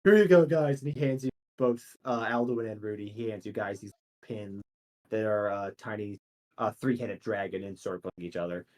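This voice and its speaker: A man's voice: lowish voice, fairly even intonation, normal speed. A man running a tabletop game as game master, narrating in a loose, chatty way with many fillers.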